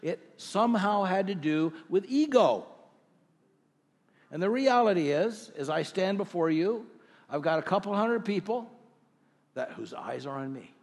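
A middle-aged male pastor preaching a sermon to his congregation, earnest, with rhetorical questions and slow scripture readings. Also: sits high, expressive, big-room sound. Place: church sanctuary.

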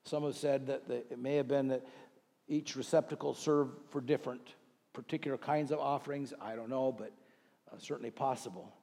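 A man's voice: mid-range voice, steady tone, a little fast, creaky, dark tone. A man preaching a sermon in a conversational way, asking the congregation questions and rising into emphatic bursts. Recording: long reverb of a large hall.

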